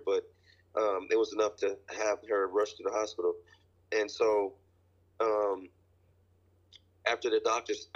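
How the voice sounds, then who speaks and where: A husky man tells a long, rambling story in casual chat. He jokes as he talks and slips into laughter. The sound is dull and lo-fi. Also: fairly low pitch.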